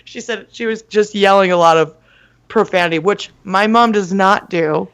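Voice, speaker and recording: A woman co-hosting a casual podcast chat, telling a story in a lively way and acting out the people in it. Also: medium pitch, normal speed. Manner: animated storyteller, laughs and shouts quotes. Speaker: podcast co-host.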